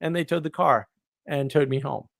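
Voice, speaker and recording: A man, telling a story on a live stream in an animated, indignant way. He laughs often and repeats words. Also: on the high side, moderate pace, vocal fry, no room sound. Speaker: podcast host.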